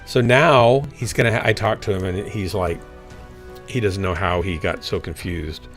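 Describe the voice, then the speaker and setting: A man's voice: sits low, normal speed, a bit bright, soft background music. A man streaming a game and telling a rambling story in casual chat, full of fillers and restarts. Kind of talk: casual chat while gaming.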